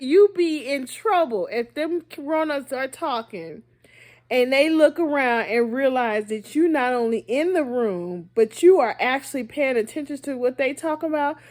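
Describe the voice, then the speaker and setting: A woman vlogger chatting casually to her viewers, laughing often and asking them rhetorical questions. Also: high voice. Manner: playful, laughs often between lines. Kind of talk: casual monologue to camera.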